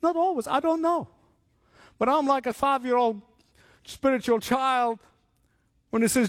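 Man, preacher, high voice, dry close sound, animated storytelling sermon. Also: measured pace, pauses often, no room sound.

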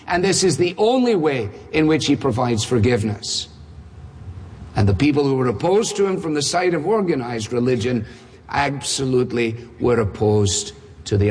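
A man's voice: medium pitch, slightly rough. A man preaching a sermon, firing off emphatic rhetorical questions with touches of dry humor. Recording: reverberant hall.

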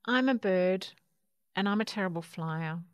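A woman's voice: medium pitch, measured pace, no room sound, studio quality, lightly acted. A woman voicing a friendly, clumsy male coot bird who stammers eagerly and chatters in a bubbly way.

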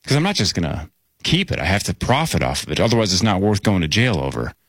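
A man hosting a morning radio show from the studio, chatting in an animated way and laughing easily. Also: low-pitched, quick pace, no echo. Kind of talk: casual studio banter.

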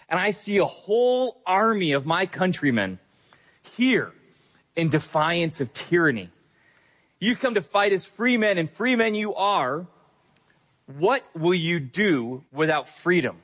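A man's voice: high voice, expressive, fairly bright tone, long reverb tail, full character voice. A pastor reciting a defiant rebel leader rallying his army. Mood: rousing. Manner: rousing, slow and emphatic, no accent.

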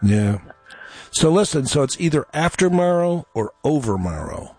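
A man's voice: a little high, very animated, moderate pace, a little mellow, dry recording. A man hosting a call-in radio show, chatty and joking, rambling easily. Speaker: radio host. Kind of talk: casual call-in chat. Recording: dry studio mic, faint music.

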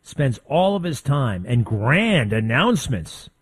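A man's voice: mid-range voice, very animated, slow, slightly rough, dry recording. A man hosts a talk radio show into a studio mic and argues his point in a blunt, combative monologue. He rambles and restarts mid-sentence. The studio sound is very dry.

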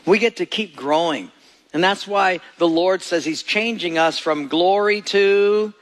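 Slow and high-pitched, this middle-aged man preaches as a pastor, weaving in stories and performing the quoted voices of their characters.

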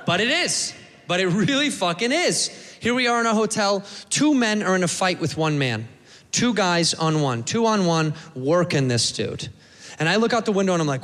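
A man's voice: fairly high pitch, expressive, fairly quick, a bit bright, long reverb tail. A man doing a stand-up comedy set, telling a profane story and acting out the people in it. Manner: storytelling, profane, acts out characters.

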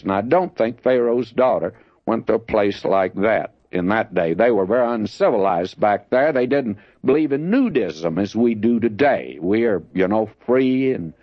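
A man's voice: medium pitch, no echo. A man giving a folksy, conversational Bible teaching, often addressing listeners as friends. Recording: dull lo-fi dry recording.

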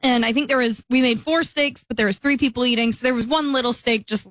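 A woman's voice: a little high, fairly even intonation, quick pace, fairly bright tone, dry recording, clean studio sound. A woman in casual chat telling a short, plain anecdote.

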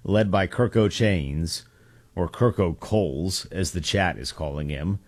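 A male co-host with a very low voice. He teases with a dry, unhurried calm, and the sound is close and dead, with no room echo. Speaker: sports show co-host. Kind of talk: casual sports talk show.

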